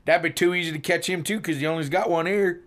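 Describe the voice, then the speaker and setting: A man's voice: a little high, steady tone, fast talker, fairly bright tone, pitched above the performer's own voice, close to an everyday voice. A man playing a smug young detective trainee in a joke, with a guttural voice from the side of his mouth.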